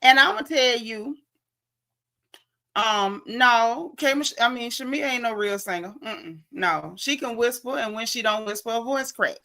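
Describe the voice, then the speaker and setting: A woman's voice: on the high side, measured pace, sharp tone. A woman with a Southern American accent hosting a casual gossip show, sassy and blunt, talking straight to her viewers. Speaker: host.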